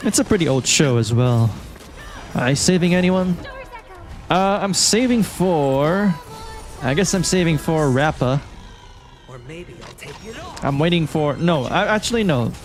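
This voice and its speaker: Brief: man from Malaysia, casual game-stream chat, slightly high voice, faint music behind. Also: moderate pace, long pauses. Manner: relaxed, chatty, reads and answers chat.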